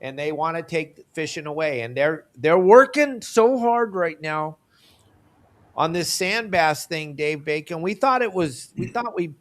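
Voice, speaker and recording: A man's voice: a little high, animated, measured pace, fairly bright tone. A man hosting a fishing podcast, ranting with heated, emphatic passion.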